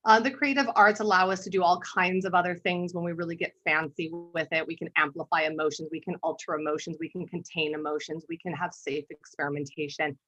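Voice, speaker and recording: Woman art therapist, conversational webinar talk, somewhat low voice, frequent throat clearing, muffled lo-fi call audio. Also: steady tone, quick pace, hardly any pauses, fairly bright tone. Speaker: art therapist and workshop presenter.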